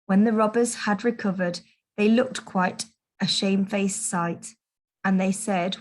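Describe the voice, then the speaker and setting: A woman teacher reading a Christmas picture book aloud to children, in a gentle, expressive storytelling manner. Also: medium pitch, a little slow, slight background noise. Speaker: primary school teacher.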